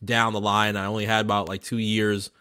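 A man co-hosting a podcast in casual chat, animated and playful, often stammering and restarting his sentences. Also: on the low side, brisk, clean tone, no room sound, studio quality. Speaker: podcast co-host.

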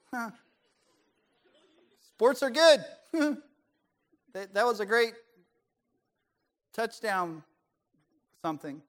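A man preaching a sermon as pastor, animated and joking, putting on voices to make his points. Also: fairly high pitch. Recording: long hall reverb.

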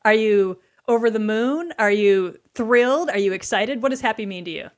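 A woman's voice: fairly high pitch, moderate pace. A woman guest on a podcast, explaining leadership ideas in casual conversation and asking rhetorical questions.

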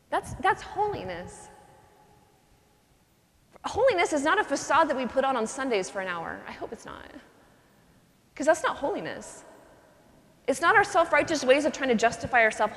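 A woman, a nun giving a charismatic retreat talk, teaching in an earnest, conversational way and acting out little scenes. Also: high voice. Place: cathedral. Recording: long cathedral reverb.

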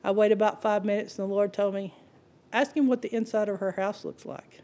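A woman preaching a sermon, telling stories in an animated way and acting out the people she quotes. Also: mid-range voice, brisk. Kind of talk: sermon with storytelling.

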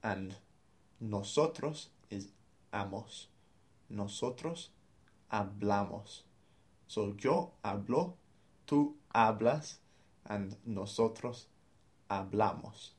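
A man's voice: on the low side, slow. A man teaching a beginner language lesson, explaining grammar step by step and spelling out words letter by letter.

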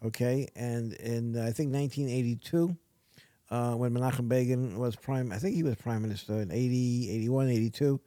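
Rambling man with a mellow voice. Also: mid-range voice, dry recording. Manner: rambling, halting, many restarts. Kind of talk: casual podcast discussion.

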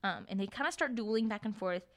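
Young woman, podcast co-host, chatty, casual book talk, mid pitch. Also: expressive, quick pace. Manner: chatty, many fillers, acts out quotes. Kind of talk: casual book-discussion chat.

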